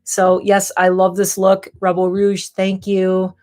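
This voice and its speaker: A woman's voice: mid-range voice, completely flat delivery, takes it slowly, a little mellow. A woman in her thirties chatting candidly and rambling on a beauty livestream, a bit tipsy from wine. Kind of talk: casual livestream chat.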